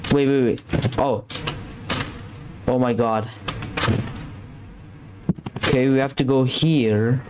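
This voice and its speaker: A man talking over a horror game, jittery and scared, rambling and repeating himself. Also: medium pitch. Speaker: gameplay commentator. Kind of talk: gameplay commentary. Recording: noisy background.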